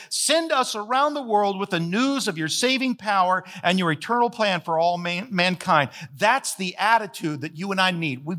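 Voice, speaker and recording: A man's voice: high-pitched, sharp tone. A man preaching a sermon as the pastor, folksy and emphatic, repeating phrases to drive points home.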